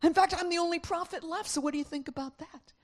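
A woman's voice: very high voice, quick pace, pitched above the performer's own voice. Woman voicing Elijah, an exasperated prophet. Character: exasperated male prophet pleading his case.

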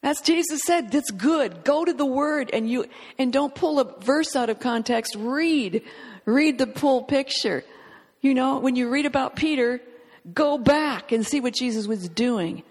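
Fervent female preacher, fairly high voice, emphatic delivery, long hall reverb. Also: unhurried, a little mellow. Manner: fervent, emphatic, reads scripture aloud. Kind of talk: sermon.

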